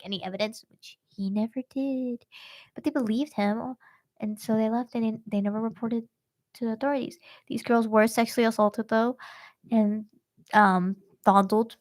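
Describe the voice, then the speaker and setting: A young woman hosts a true-crime podcast, retelling the case in a loose, slangy, animated way. Her voice sits fairly high, and she drops into quick impressions of the people she describes. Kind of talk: casual podcast chat.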